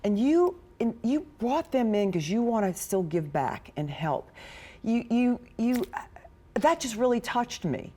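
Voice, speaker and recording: A woman reporter with a New Orleans accent interviewing a guest, asking questions in a chatty, animated way. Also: on the high side, unhurried.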